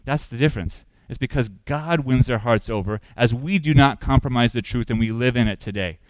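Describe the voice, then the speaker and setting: A man's voice: medium pitch, a little fast, no room sound, rough recording. A man preaching a sermon who asks the congregation questions and lifts his voice for emphasis. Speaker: pastor.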